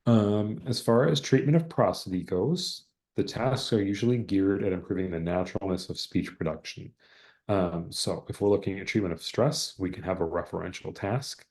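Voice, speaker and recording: A man teaches an online exam-prep class over a video call. His voice is deep and mellow. He talks in loose, halting stretches, often stopping to hunt for a word. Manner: hesitant, many fillers and word searches.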